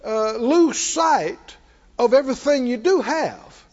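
High-pitched preacher man in a big hall. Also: expressive, slow pace, a little mellow. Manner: call-and-response preaching, rising and falling in volume. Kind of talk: sermon. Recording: dull sound in a large reverberant hall.

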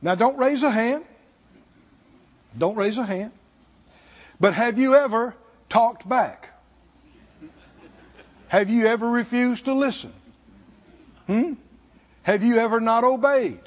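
A man preaching a sermon to a congregation, speaking slowly and pausing for asides to his listeners. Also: extremely high pitch. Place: church hall. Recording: dull sound in a hall with long reverb.

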